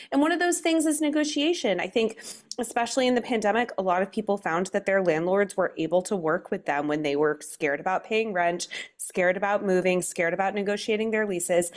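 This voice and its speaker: A woman guest, a book co-author, giving upbeat and animated interview answers. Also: medium pitch, a little fast.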